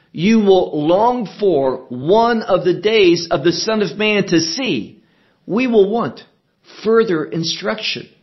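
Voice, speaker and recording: A man teaching a sermon verse by verse, measured and emphatic, asking questions and answering them himself. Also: sits high, dull audio. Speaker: preacher.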